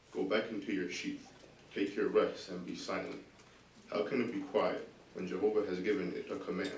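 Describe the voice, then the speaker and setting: A soft-spoken man with a deep voice, reading scripture aloud with measured emphasis in a meeting hall. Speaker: Bible reader. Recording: echoey hall, distant mic, faint hiss.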